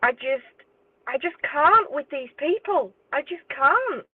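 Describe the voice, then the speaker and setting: A woman's voice: high-pitched, animated, measured pace, dry recording. A woman ranting indignantly as a true crime YouTuber, swearing and exasperated. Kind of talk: angry direct-to-camera rant. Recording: tinny phone-like dry audio.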